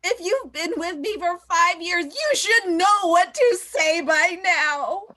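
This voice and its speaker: A woman's voice: very high-pitched, expressive, slow, sharp tone, heavily acted. A woman playing a blunt, restless girlfriend. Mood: exasperated. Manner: blunt, exasperated. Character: restless young woman, breaking up with fiancé. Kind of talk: improv scene. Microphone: video call.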